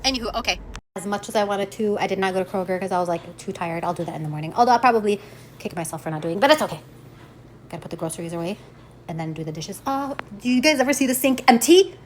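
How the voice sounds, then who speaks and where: A woman, chatting through a casual vlog while still congested from an illness, animated and full of exclamations and asides. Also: on the low side, fast talker, slight background noise. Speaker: vlogger.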